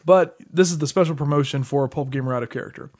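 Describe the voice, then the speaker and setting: A man hosting a gaming podcast who talks in a chatty way, stopping often with "uh" and little laughs. His voice sits a bit high for a man. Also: quick pace, darkish tone. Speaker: podcast host. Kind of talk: casual chat, reading a promo.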